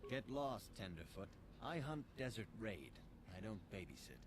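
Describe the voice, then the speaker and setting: A man's voice: on the low side, very animated, normal speed, background noise. An actor playing a curt, sarcastic male hunter in a video game. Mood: dismissive. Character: gruff male desert hunter, curt and dismissive. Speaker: game character.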